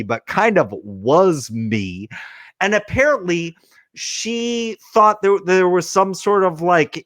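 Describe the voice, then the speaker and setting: A man's voice: on the high side, dry recording. A man in his forties from California, telling a comic story, cursing freely and acting out quotes. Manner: animated, profane, acts out quotes. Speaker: podcast host.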